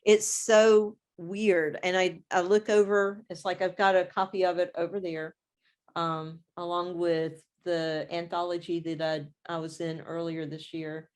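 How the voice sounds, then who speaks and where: A woman's voice: fairly low pitch, level tone, unhurried, darkish tone. A woman author being interviewed, chatting casually and acting out her own reactions as she tells a story. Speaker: guest author.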